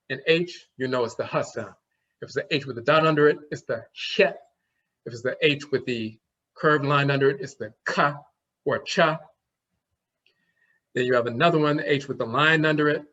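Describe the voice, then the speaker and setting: A man's voice: mid-range voice, fairly bright tone. Man teaching, dull lo-fi sound. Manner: explanatory, demonstrates sounds aloud. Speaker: language teacher. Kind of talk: classroom lecture. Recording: dull lo-fi recording.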